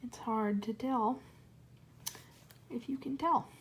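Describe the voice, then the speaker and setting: Young female coloring host, casual and tangent-prone, slightly hoarse, talking to a camera on a monopod. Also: a little high, slow, a little hiss or hum. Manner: rambling, chatty, easily sidetracked. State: losing her voice. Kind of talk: casual chat while coloring.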